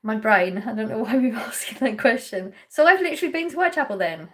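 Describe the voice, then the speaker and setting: A woman's voice: on the high side, animated, quick pace, a bit bright. English lady chatting on her live stream, laughing a lot and reading out chat comments. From England. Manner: chatty, laughs often, teasing viewers. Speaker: livestream host.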